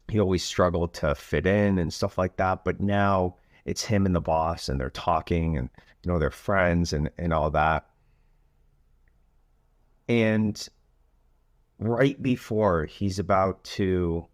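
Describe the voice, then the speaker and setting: A man who hosts a coaching podcast, telling a story in a relaxed way with frequent filler phrases. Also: sits low, dry recording, clean studio sound. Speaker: youth soccer coach and podcast host.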